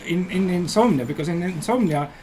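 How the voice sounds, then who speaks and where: Estonian-accented male dev, high and eager, faint hum behind. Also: fairly quick, darkish tone. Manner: rambling and enthusiastic, many fillers. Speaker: game developer and guest player. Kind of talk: casual livestream chat while playing.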